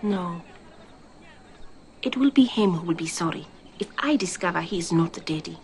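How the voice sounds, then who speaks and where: An actress playing a confident, cheerful woman detective with a Botswanan accent, warm and playful in her talk. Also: lowish voice, animated, moderate pace, slight background noise. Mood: firm. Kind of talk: TV drama acting.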